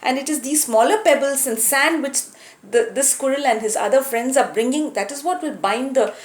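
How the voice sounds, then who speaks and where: Woman voicing a wise, gentle god-king. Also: high voice, moderate pace, voice pushed up, lightly acted. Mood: advising. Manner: gentle, instructive. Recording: roomy echo.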